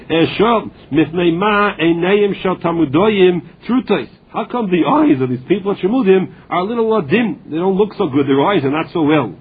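Husky high-voiced man teaching Talmud. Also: expressive, normal speed, phone-quality sound. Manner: storytelling, mixing Aramaic phrases with English. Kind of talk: Talmud lesson, translating and retelling.

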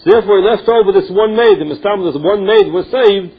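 A man's voice: sits high, fast, breathy edge. A man giving a Talmud lecture, reading each phrase and then translating and explaining it. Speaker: Talmud teacher. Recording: muffled lo-fi recording.

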